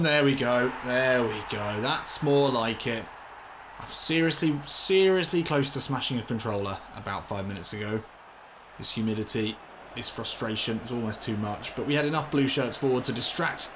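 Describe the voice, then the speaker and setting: Excitable young man commentating a game. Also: medium pitch, background noise. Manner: excitable, swears when frustrated, shouts at the game. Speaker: gaming commentator. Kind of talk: let's play commentary.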